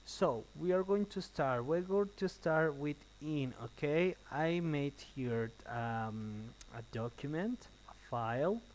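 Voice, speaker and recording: A man teaching an English class, explaining slowly with uh and um between phrases and then translating quickly. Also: on the high side, animated, rough recording. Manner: thinking out loud with uh and um. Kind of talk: recorded online class, switching between English and Spanish.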